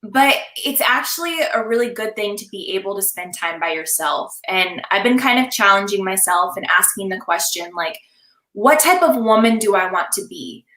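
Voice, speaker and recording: Bright, animated woman in an echoey room. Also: mid-range voice, normal speed. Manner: animated, laughs often, acts out little scenes. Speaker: confidence coach, guest. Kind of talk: casual live-stream chat.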